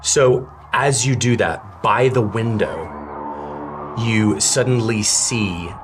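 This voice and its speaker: A man narrating a tabletop game as game master, telling the story dramatically with halting restarts. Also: on the low side, music in the background.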